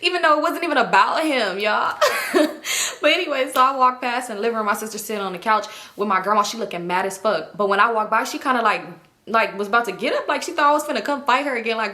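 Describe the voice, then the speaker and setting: Animated young woman with a bright voice. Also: on the high side, fast talker. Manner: animated, profane, laughs while telling. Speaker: vlogger. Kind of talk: storytime chat to camera.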